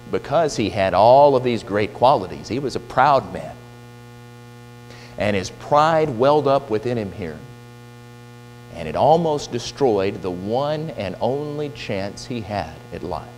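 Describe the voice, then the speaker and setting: Male preacher, mid-pitched, lively intonation; retells scripture with voiced quotes, church hall echo. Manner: animated storytelling, voicing quoted figures. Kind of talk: sermon retelling a Bible story. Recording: distant reverberant hall with faint hum.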